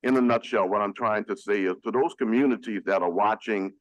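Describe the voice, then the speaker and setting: A man speaking as a city council member, addressing the chamber in an earnest, emphatic, measured way. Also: fairly low pitch, no room sound, poor audio. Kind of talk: formal public speech at a council meeting.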